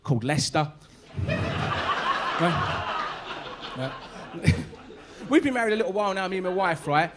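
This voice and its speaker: A man in his forties with a London Cockney accent doing a stand-up set on a club stage, his voice pitched high. He talks in a punchy, chatty way and keeps tagging his lines with "right?". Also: very animated, a little slow, long pauses, background noise. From East London, England. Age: 40s. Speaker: stand-up comedian.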